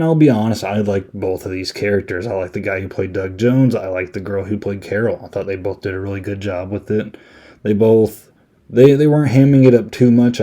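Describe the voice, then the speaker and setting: Mellow low-voiced man recapping a movie. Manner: rambling, filler-heavy retelling with amused asides. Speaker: podcast host. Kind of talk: casual movie review recap.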